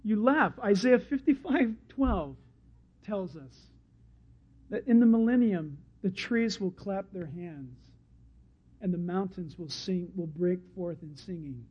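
A man preaching a sermon as pastor, animated and storytelling, slipping into other people's voices. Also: high voice, measured pace, breathy edge. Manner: animated storyteller who acts out crowd voices. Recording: dull lo-fi sermon recording.

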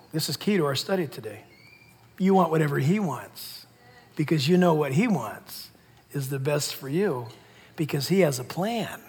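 A man's voice: on the high side, breathy edge. A man preaching a sermon as pastor, emphatic, repeating key words and laughing between points. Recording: long hall reverb.

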